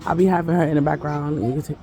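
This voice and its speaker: A woman vlogger chats from home in a rambling, easygoing way, her voice gravelly with vocal fry. A faint background noise sits under her talk. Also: low voice, fairly even intonation, rapid-fire, warm tone. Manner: rambling, chatty, talks to her toddler between asides. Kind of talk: casual vlog chat.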